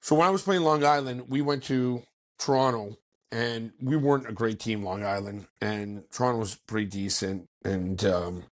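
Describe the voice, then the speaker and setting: A man, a former hockey player, telling a locker-room story as a podcast guest, animated and swearing, acting out the voices of others. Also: fairly low pitch, normal speed. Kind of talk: storytelling in casual chat.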